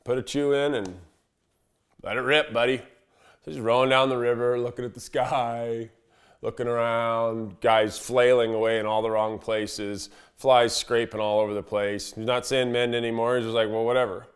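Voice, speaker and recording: A man's voice: medium pitch, little pitch movement, moderate pace, clean tone. A man working as a fishing guide, telling a story in a laid-back, casual way and chuckling as he goes. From Montana. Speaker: fishing guide giving a fishing report.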